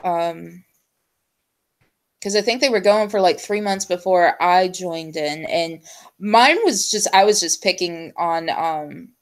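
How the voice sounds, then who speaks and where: Chatty woman host, lots of ums. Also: fairly low pitch. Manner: chatty, full of ums and trailing pauses. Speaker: show host. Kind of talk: casual chat.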